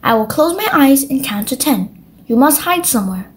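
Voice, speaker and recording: A woman's voice: high-pitched, lively intonation, normal speed, a little hiss or hum. A woman voicing a brave, slightly bossy little girl shape in a storybook read-aloud, speaking carefully and firmly.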